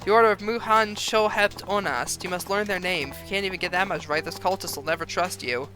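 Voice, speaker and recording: A man's voice: high voice, fast, over music, natural voice. A man voicing a worried middle-aged mother who pleads anxiously and earnestly to get her daughter back, reading game dialogue aloud. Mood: desperate.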